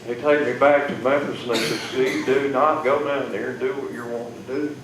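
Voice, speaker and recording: A man telling an emotional personal testimony to an audience, folksy and plainspoken, with big swings in loudness. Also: medium pitch, steady tone, a little fast. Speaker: testimony speaker. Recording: echoey room, far mic, noisy.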